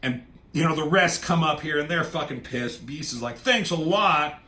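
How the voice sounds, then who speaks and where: Bright-voiced man recapping a comic. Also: a little high, a little hiss or hum. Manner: swearing, acts out characters in quick put-on voices. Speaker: comic reviewer.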